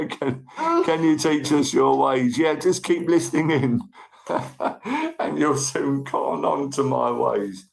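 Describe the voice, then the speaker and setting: A man with a fairly high but darkish, creaky voice speaks slowly as he hosts a casual livestream. Between tickly coughs he reads comments and thanks viewers by name, and the recording quality is rough.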